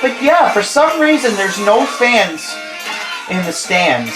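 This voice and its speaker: Stuffy male host, unhurried playful video game play-by-play, roomy sound, music behind. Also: high-pitched, sing-song. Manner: playful, jokey, corrects himself. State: stuffy nose.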